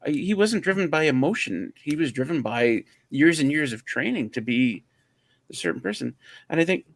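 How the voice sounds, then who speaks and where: A man's voice: on the high side, lively intonation, normal speed, gravelly. A man co-hosting a livestream, chatting casually and rambling as he searches for words. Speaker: livestream co-host. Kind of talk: casual chat.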